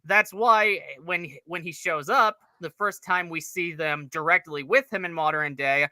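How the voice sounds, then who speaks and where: A man's voice: fairly high pitch, a little slow, pushed and bright, no echo. A man co-hosting a casual show review, analytical and rambling, with the odd curse. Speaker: co-host reviewer.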